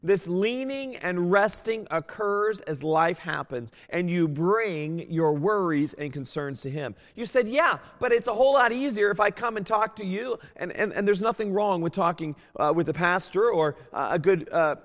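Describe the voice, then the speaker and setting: A man preaching a sermon as a pastor, earnest and pleading, swinging from loud appeals to hushed tones. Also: sits high, moderate pace, few pauses. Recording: long hall reverb.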